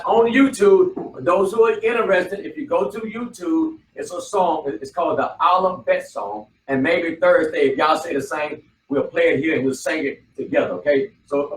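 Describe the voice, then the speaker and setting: A man's voice: fairly high pitch, slight background noise. A man teaching a Bible study class, repeating himself and quizzing the class with questions. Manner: repetitive, prompting the class with questions. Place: study hall room. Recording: echoey room, mic far off, faint ambience.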